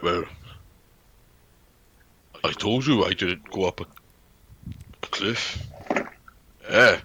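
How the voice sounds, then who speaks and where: A man's voice: low voice, extremely slow, background noise. A man playing a tabletop game, joking around with hesitant, stammering talk. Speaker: player. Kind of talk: casual tabletop play.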